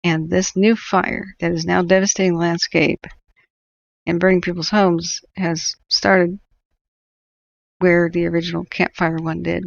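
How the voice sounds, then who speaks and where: Sardonic woman with a gravelly voice. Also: fairly low pitch, no room sound, lo-fi sound. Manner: sardonic, laughs often, rambling. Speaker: wildfire-tracking livestream host. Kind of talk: live stream commentary.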